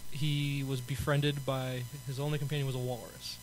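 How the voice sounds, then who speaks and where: A man's voice: medium pitch, level tone, moderate pace, a little hiss or hum, low-quality recording. A man hosting a casual podcast chat, easygoing, asking questions and laughing often.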